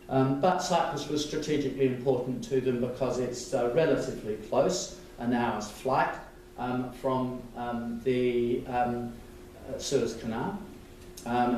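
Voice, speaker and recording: An older Australian man in his sixties giving a public lecture, halting, with many ums and restarts. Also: medium pitch, darkish tone, slight background noise. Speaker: guest lecturer. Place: large echoing lecture hall. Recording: distant mic in echoey hall.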